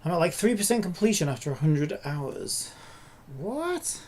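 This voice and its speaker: Casual male streamer, slightly high, gravelly voice, rambling think-aloud delivery, faint typing behind. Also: lively intonation, brisk, a little mellow. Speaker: streamer and indie game developer. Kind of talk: casual live-stream commentary while coding.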